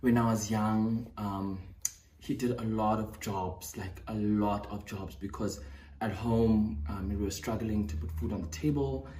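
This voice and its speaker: A man with a South African accent talks in a mellow, dark voice, trying to stay serious but slipping into laughs. The recording is roomy and distant, with faint hiss. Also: lowish voice, fairly even intonation, unhurried. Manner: mock-earnest, repeatedly breaking into laughter.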